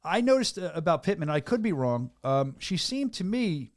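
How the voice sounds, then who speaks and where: A man hosting a studio podcast in a casual, energetic, rambling way. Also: a little high, normal speed, dry recording. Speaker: podcast host. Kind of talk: casual chat. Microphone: studio mic.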